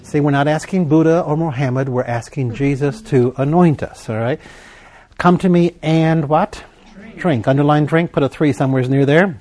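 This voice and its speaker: A man preaching a sermon, leading his congregation in call-and-response and slowing down for emphasis. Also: a little high, darkish tone. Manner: call-and-response, prompting the congregation to fill in words; emphatic, with slow deliberate stretches.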